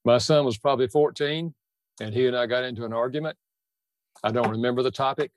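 An older man with a mid-pitched voice tells a personal story in an earnest, heartfelt way. His voice is recorded dry and close, with no room sound. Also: fast, no echo. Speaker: guest. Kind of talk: storytelling in a podcast interview.

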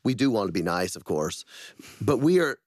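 A man's voice: fairly low pitch, big pitch swings, moderate pace, a little mellow, no room sound, studio quality. A man appearing as a guest on a radio talk show, speaking in an earnest and thoughtful way. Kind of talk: conversational interview.

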